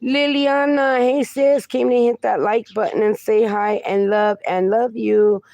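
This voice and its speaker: A woman's voice: medium pitch, fairly even intonation, unhurried, vocal fry, dark tone, no echo. A woman in her forties hosting a casual livestream, reading viewer comments aloud and answering them fondly, calling people "my darling" and "my friend". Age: 40s. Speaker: livestream host.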